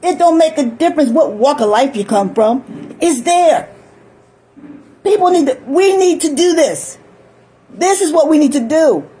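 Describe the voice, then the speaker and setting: A woman's voice: high-pitched, lively intonation, measured pace, mellow, low-quality recording. An older woman talking in a rambling, chatty monologue, often laughing and acting out little voices. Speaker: vlogger.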